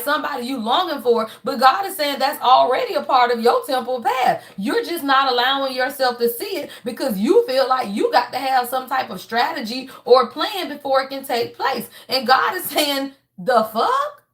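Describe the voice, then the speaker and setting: A woman's voice: sits high, fairly bright tone. A woman giving a casual spiritual tarot reading, emphatic and blunt, swearing freely and calling out to her listeners constantly. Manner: emphatic, preachy, peppers every phrase with "y'all". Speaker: tarot reader.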